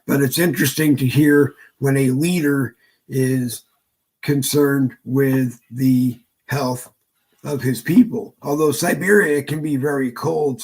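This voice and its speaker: A man's voice: mid-range voice, a little mellow, slightly rough. A man hosting a morning broadcast who makes wry, rambling asides in casual chat. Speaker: radio show host.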